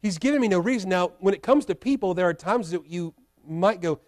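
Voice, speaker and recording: Guy preaching in a church, pretty high voice, keeps asking why and answering himself. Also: expressive, a little fast. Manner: earnest preaching with repeated rhetorical questions. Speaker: pastor. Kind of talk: sermon. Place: church sanctuary.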